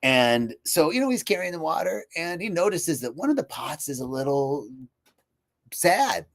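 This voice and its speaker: A man hosting an inspirational live talk, telling stories in an animated way and laughing easily. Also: fairly high pitch, normal speed. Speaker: host.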